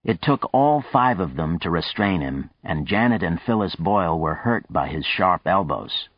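Deep-voiced man narrating a novel. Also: breathy edge, no room sound, lo-fi sound. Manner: measured, even storytelling. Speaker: audiobook narrator. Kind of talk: scripted narration.

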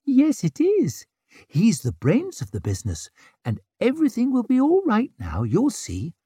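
A man's voice: extremely high pitch, huge pitch swings, unhurried, warm tone, slightly rough, no room sound, studio quality, pitched above the performer's own voice, full character voice. A man voicing a poised, scheming young noblewoman and mother who coos sweetly and talks politics coolly. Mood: bright cooing. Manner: sweet, cooing, then cutting and political.

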